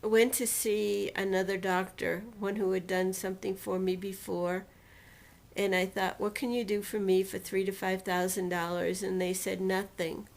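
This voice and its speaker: A woman recounting a painful personal experience in a storytelling manner, slowly and deliberately, acting out what was said to her. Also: mid-range voice, level tone, creaky. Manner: emotional retelling, quotes others and herself dramatically. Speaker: personal testimonial speaker.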